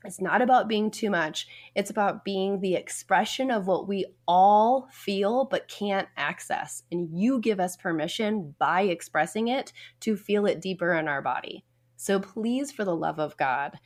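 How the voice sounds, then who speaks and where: Woman therapist on a podcast, earnest and emphatic, normal pitch. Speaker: therapist guest. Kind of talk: podcast conversation.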